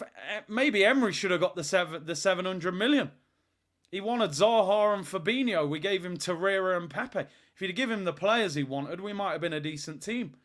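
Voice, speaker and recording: A man hosts a live football watch-along, ranting with exasperation and biting sarcasm. His voice sits fairly high for a man. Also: fairly bright tone.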